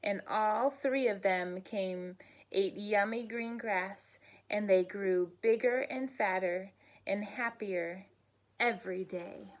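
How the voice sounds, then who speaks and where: A woman teacher reads a bedtime story aloud to children in a gentle, unhurried way, sounding out the noises in the tale. Her voice is mid-range.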